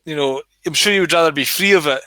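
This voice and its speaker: A man hosting a casual interview, easygoing and quick to chime in with agreement. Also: fairly high pitch, pushed and bright, no room sound, poor audio. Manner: easygoing, frequent "aye" backchannels. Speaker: interview host.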